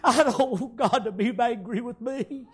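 A man's voice: very high voice, moderate pace, husky. A man voicing a little boy who pleads with his grandfather and asks question after question. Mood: pleading.

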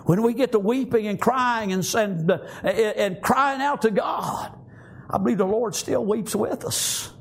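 High-voiced fervent male preacher. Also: unhurried, slightly rough. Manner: fervent, peppered with "praise God" and "amen". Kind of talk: sermon.

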